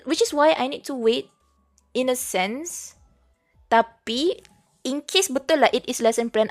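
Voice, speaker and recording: Chatty young Malaysian woman streamer. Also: a little high. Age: young adult. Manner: chatty, mixes English and Malay, reads chat aloud. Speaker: VTuber streamer. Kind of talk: casual study-stream chat.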